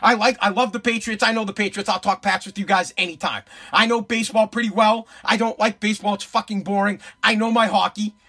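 A man rants on sports radio, swearing and hammering the same points again and again. His voice sits high and sounds bright and forceful. A husky grain runs through it. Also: steady tone, a little fast, hardly any pauses. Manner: profane, emphatic, repetitive ranting. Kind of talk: heated sports commentary rant.

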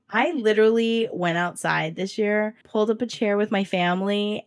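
A woman co-hosting a podcast in casual chat, telling stories in an animated, chatty way, slightly stuffy-nosed. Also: medium pitch, no room sound, studio quality. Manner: chatty, animated storytelling with laughs. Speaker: podcast co-host.

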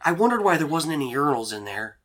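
A man's voice: on the high side, very animated, quick pace, fairly bright tone, pitched above the performer's own voice. A man voicing an awkward, nerdy young man who stammers and is eager to please, in a tabletop role-play. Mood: flustered.

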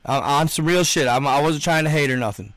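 A man's voice: a little high, fairly quick, fairly bright tone, no room sound. Slangy man on a livestream. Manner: emphatic, repeats himself, slangy. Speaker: livestream host. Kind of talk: casual livestream chat reading comments.

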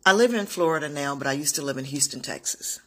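A motivational vlogger shares a personal story in a slightly low, expressive voice with a sharp tone, earnest and unscripted. She often pauses and restarts while thinking aloud, sounding reflective and direct.

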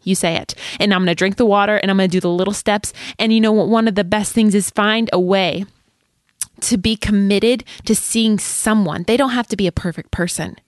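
Woman, earnest, encouraging, addresses listeners directly, middle pitch, dry close sound. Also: steady tone, brisk, no room sound. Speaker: podcast guest. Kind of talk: heartfelt encouraging talk.

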